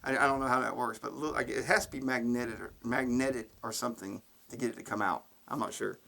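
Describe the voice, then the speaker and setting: A man's voice: medium pitch, fairly even intonation, fast, vocal fry, bright, forceful tone. A man co-hosting a casual podcast, telling rambling stories and laughing at them as he goes. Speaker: podcast co-host. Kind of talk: casual storytelling chat.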